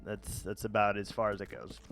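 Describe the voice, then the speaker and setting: A man casually chatting with viewers while playing a game, rambling and relaxed with many fillers and restarts. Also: lowish voice, fairly quick, creaky, faint music behind. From United States. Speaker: gaming vlogger. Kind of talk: casual let's-play chat answering viewers.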